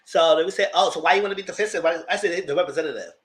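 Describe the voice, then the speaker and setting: A man's voice: a little high, racing. A man giving a casual, sassy live review of reality TV, slangy and acting out the cast's lines as he goes. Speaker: TV reality show commentator.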